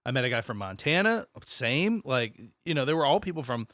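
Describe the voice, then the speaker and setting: Southern-raised dude cohosting a podcast, rambly, curses a lot, dry close mic. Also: male voice, medium pitch, big pitch swings, brisk, a bit bright, dry recording. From American South. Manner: rambling, swears, self-correcting. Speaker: podcast co-host. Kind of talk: casual chat.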